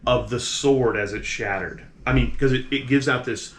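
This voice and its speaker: A man narrating a tabletop game as game master, halting and restarting his sentences. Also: medium pitch, fairly bright tone. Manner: halting, full of restarts and fillers.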